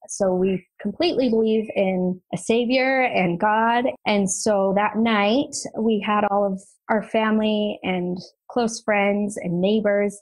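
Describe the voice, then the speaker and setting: Woman, podcast guest, mid pitch; earnest, quick personal storytelling with restarts. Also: darkish tone, low-quality recording.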